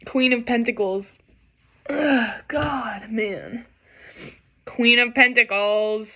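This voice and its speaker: A woman doing an emotional tarot reading for the camera, talking in halting, apologetic bursts and tearing up. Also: on the high side, pushed and bright. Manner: tearful, overwhelmed, halting and apologetic. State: crying at times. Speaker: tarot reader.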